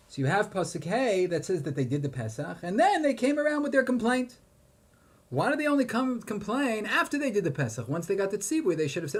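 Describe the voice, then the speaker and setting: A man's voice: high-pitched, lively intonation, fast talker, breathy edge. A man giving a Torah lecture, posing questions and chanting Hebrew verses with emphasis. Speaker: rabbi teaching Torah.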